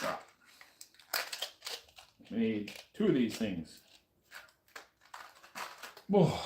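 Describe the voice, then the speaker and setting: A man's voice: fairly low pitch, big pitch swings, extremely slow, pauses often, mellow, roomy sound, slight background noise. A man with an Australian accent chatting casually to a stream while he works on a motorbike, muttering to himself as he goes. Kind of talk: casual live-stream chat while working.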